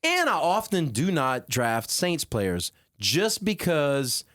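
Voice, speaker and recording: A man's voice: fairly high pitch, slow, no room sound, clean studio sound. A man hosting a podcast, chatting casually and acting out his friends' voices as he tells stories. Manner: animated storyteller, acts out friends' voices. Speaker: podcast host, DJ. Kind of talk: casual chat.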